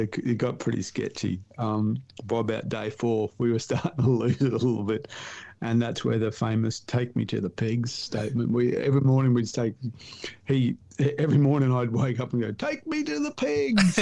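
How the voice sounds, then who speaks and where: Gravelly Australian man spinning a yarn. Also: mid-range voice. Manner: animated yarn-spinner, laughs at his own stories. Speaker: podcast guest, hunter and writer. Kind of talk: casual storytelling chat.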